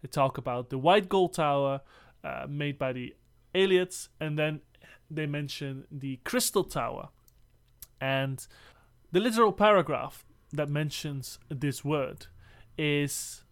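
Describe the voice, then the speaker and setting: Guy with a kinda high voice breaking down game lore, reads quotes out, laughs a lot. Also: slow. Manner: explanatory, reads passages aloud, laughs often. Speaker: podcast co-host. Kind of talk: casual lore discussion.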